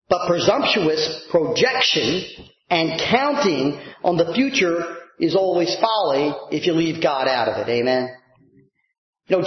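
A male pastor preaching a sermon to his congregation, animated and rising to shouts for emphasis. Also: sits high. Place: church sanctuary. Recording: echoey church hall, dull lo-fi sound.

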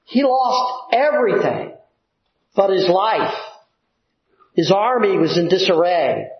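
A man preaching a sermon, teaching slowly and deliberately with pauses and filler words. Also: sits high, lively intonation. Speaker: pastor. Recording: echoey room, dull lo-fi sound.

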